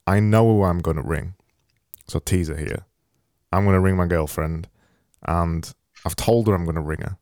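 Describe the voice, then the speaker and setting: Man, deep voice, dry close recording, casual podcast host. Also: normal speed, a little mellow, no room sound. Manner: chatty, teasing, repeats words. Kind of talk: casual chat.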